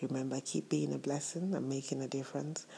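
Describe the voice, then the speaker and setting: A woman's voice: rumbling low, steady tone, a little fast, gravelly, a little hiss or hum. A woman hosting an inspirational faith-based talk, speaking to her listeners with affectionate words and preacher-like repetition for emphasis. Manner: warm, affectionate addresses to listeners. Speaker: host of a motivational show.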